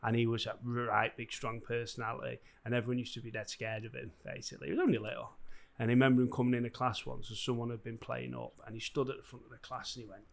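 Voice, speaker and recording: A man's voice: mid-range voice, level tone, quick pace, gravelly. A man co-hosting a comedy podcast, telling slangy anecdotes in casual chat and laughing a lot. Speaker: podcast co-host.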